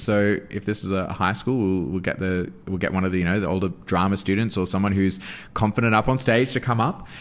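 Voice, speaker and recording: Low-voiced man telling stories animatedly. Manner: animated storytelling with frequent restarts. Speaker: guest; anti-bullying school performer. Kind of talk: interview answer.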